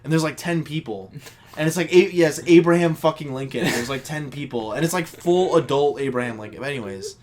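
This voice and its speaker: A man's voice: a little high, fairly quick, darkish tone, slight background noise. Rambling, profane podcast co-host, a man. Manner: rambling, profane, full of "like" fillers. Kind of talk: casual chat.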